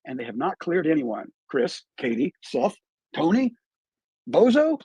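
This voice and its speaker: A man discusses true crime on a live stream, emphatic and firing off rhetorical questions, in a high, slightly husky, warm voice that swings widely in sing-song pitch at an unhurried pace. The audio, played back from the stream, is dull and dry with little room echo.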